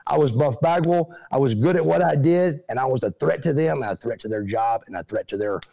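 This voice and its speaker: A middle-aged man, a guest telling animated stories and acting out what people said. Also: mid-range voice, a little fast, vocal fry. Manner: animated, acts out quotes in other voices. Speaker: interview guest, former pro wrestler. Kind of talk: casual storytelling.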